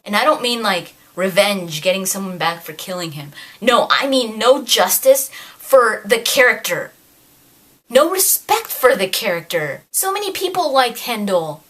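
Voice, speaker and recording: A woman giving an animated, exasperated review of a novel in a casual rant, acting out characters' lines along the way. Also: mid-range voice, unhurried. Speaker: video creator reviewing a novel. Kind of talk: casual ranting book review.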